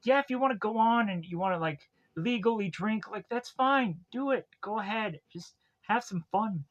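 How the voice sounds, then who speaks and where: A man's voice: high-pitched, lively intonation, moderate pace, a bit bright, dull audio, voice pushed up. A man voicing an easygoing mother who breezily encourages her daughter. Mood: breezy. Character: easygoing permissive mother in a bar.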